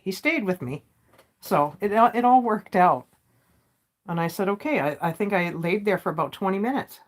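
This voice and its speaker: A woman's voice: on the low side, lively intonation, normal speed. A woman candidly retelling a family loss in a personal vlog, with frequent fillers and quoted dialogue. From Canada. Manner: candid, emotional retelling with many "like"s. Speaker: vlogger. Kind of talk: personal storytelling.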